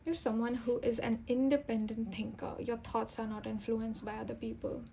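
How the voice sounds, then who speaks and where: A young woman with a fairly high voice gives a casual tarot reading, talking in a chatty, rambling way. She fills gaps with little fillers and stops to correct herself as she goes. Faint noise sits behind her voice. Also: little pitch movement, moderate pace, vocal fry, warm tone, rough recording. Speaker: tarot reader.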